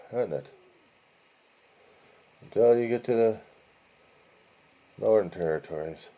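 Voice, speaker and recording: A man's voice: fairly low pitch, normal speed, vocal fry, pauses often, dull audio. A man hosting a casual video, talking viewers through a map in a rambling way, with profane asides and chant-like lists of places. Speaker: video host.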